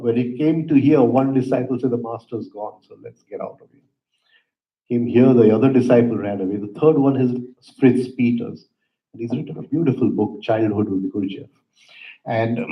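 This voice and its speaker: Calm man teaching yoga breathing. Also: medium pitch. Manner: calm instructive, frequent "right?" asides, soft pauses. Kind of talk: guided breathing lesson with storytelling. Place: yoga center room. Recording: roomy, dull lo-fi hall recording.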